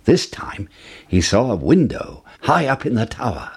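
A man reading a fairy tale aloud as a storyteller, with expressive rises and falls. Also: measured pace, gravelly, slightly rough. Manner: expressive, with wide swings in pitch.

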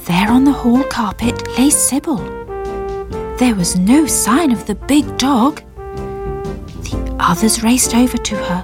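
A woman narrating a children's story in a gentle, expressive storytelling voice. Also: fairly high pitch.

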